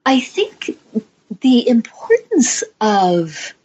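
A middle-aged woman, an author guest in an interview, answering in a measured, reflective way with soft laughs. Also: on the high side, huge pitch swings, husky, highs cut off.

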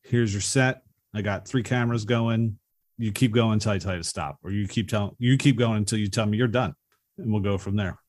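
A man co-hosting a casual movie podcast, calmly recounting plot points and favorite moments. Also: on the low side, brisk. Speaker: podcast co-host.

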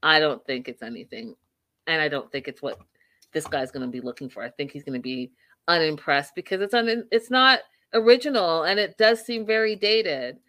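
A woman's voice: sits low, animated, moderate pace, a bit bright. Woman host, chatty and opinionated, for a casual live reality-TV recap. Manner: chatty and opinionated, many fillers.

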